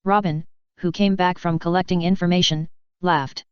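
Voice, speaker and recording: A woman narrating a fanfiction audiobook in a steady, even read-aloud manner. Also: lowish voice, moderate pace, clean tone, no room sound, dull audio.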